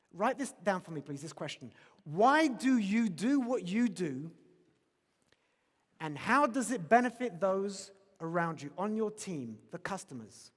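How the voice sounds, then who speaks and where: A man giving a motivational conference keynote, emphatic and repeating his key questions. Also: high voice. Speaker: keynote speaker. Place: large conference hall. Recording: long reverb of a large hall.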